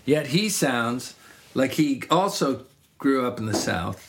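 Middle-aged male songwriter, reflective and rambling, average pitch, talks in loose casual chat. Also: animated, takes it slowly, fairly bright tone, slight background noise. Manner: reflective, rambling, frequent restarts. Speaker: singer-songwriter. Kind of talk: casual conversation.

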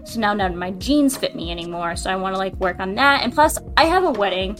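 A woman talks in a loose, rambling podcast chat, dropping "like" into nearly every phrase. Her pitch sits at an ordinary middle height. Her voice comes in over a remote call line. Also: lively intonation, fast talker, a bit bright, faint music behind. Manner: chatty, lots of "like" fillers. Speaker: podcast co-host. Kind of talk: casual chat.

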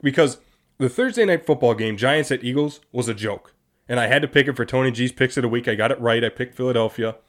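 A young man hosting a casual sports talk show, animated and exasperated, often laughing. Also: mid-range voice, fast. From Wisconsin. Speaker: sports podcast host.

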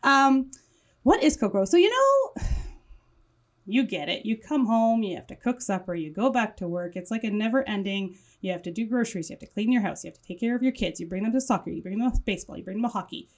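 A woman's voice: medium pitch, fast talker. A woman with a French accent, a native French speaker, talking as a guest in a podcast studio about her wellness business, enthusiastic and running through long lists. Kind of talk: casual interview chat.

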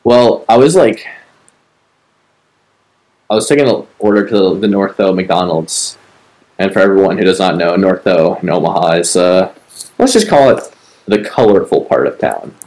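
A man with a low, slightly mellow voice talks at normal speed while co-hosting a podcast. His storytelling is casual and meandering, full of curses and fillers, captured on a rough recording.

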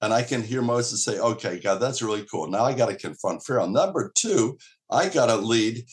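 A man's voice: mid-range voice, animated, normal speed. A male pastor preaching an earnest, emphatic sermon, acting out quoted dialogue along the way.

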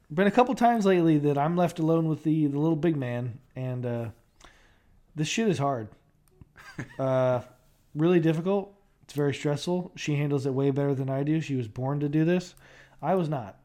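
A man's voice: fairly high pitch, moderate pace, mellow. Rambling young man chatting on a podcast. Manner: rambling, many fillers and restarts. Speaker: podcast co-host. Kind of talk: casual chat.

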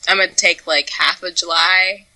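Young woman podcast co-host, very bright voice, animated and profane. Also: normal speed, low-quality recording. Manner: animated, quotes herself in high voices, profane. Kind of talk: casual chat.

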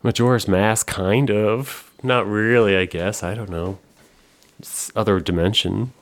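A man's voice: lowish voice, fairly even intonation, unhurried. A man hosting a podcast, chatting casually and rambling with lots of fillers and swearing. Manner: rambling, profane, full of fillers. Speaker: podcast host. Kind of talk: casual chat.

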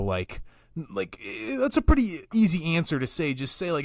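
A man's voice: medium pitch, very animated, fast, no room sound, clean studio sound. A man appearing as a guest on a sports podcast, giving blunt, opinionated takes in casual chat.

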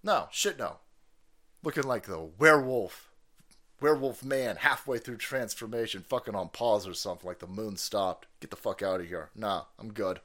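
A man's voice: on the low side, normal speed. Profane, mocking male stream host. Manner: profane, mocking, loud outbursts. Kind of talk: livestream commentary rant.

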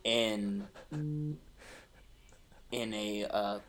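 A man co-hosting a casual podcast over a video call, joking slowly with his friends. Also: lowish voice, noisy background. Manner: slow, joking, animated. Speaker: podcast co-host. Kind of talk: casual chat.

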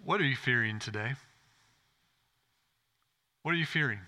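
A man's voice: mid-range voice, lively intonation, normal speed, pushed and bright. A man pastor preaching a sermon in a church, earnest and direct, often asking the congregation questions.

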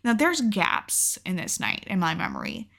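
A woman's voice: medium pitch, big pitch swings, moderate pace, creaky, fairly bright tone. A young adult woman vlogger telling a personal story in a casual, candid way, swearing freely and filling her talk with "like.". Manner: candid and profane, with frequent "like" and laughs.

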